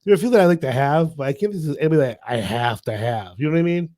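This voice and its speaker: A man co-hosting a casual podcast chat, telling stories in an animated, stumbling way. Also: a little high, rapid-fire. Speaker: podcast co-host.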